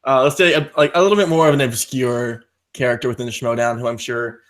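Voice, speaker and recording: A man's voice: medium pitch, fairly even intonation, quick pace. A man hosting a casual podcast, easygoing and joking. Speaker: podcast host.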